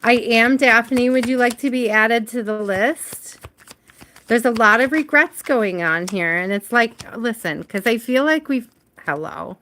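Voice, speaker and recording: A woman reading tarot on a relaxed livestream, speaking at an unhurried, drawn-out pace. She chats with her viewers by name and laughs easily between thoughts. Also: on the high side. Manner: chatty, answers viewers by name, laughs often. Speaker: tarot reader.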